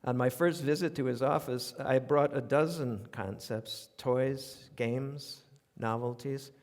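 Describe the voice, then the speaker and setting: A radio commentator, this older New Yorker takes things slowly in a mid-range voice while telling humorous stories on stage. His monologue of performed essays is wry and conversational with animated asides, heard by a live audience in a theater recorded with long reverb.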